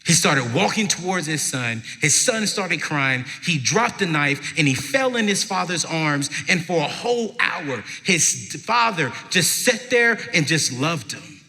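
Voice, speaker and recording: A man giving a live inspirational talk to an audience at a parenting event, telling stories emphatically with slow, dramatic pauses. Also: fairly high pitch, lively intonation, creaky, bright, forceful tone. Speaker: motivational speaker at a parenting event. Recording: long hall reverb from a live venue.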